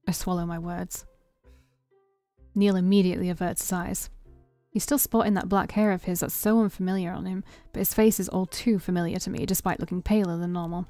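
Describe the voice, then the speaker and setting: A woman streamer reading a story game aloud in expressive first-person narration. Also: on the low side, a little fast, dry recording, faint music behind. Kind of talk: reading a visual novel aloud.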